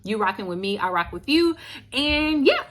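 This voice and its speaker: A woman from Louisiana chatting casually to viewers as she reviews books on her channel, animated and talking straight to the camera. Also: medium pitch, fast talker. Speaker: book vlogger. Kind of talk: casual book review chat.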